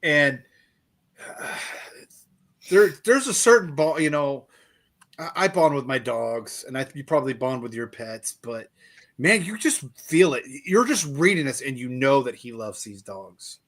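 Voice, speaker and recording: Casting: male podcast host from Oklahoma, mid-pitched, eager but halting delivery, casual chat. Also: expressive, fairly bright tone. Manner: enthusiastic, halting, repeats words.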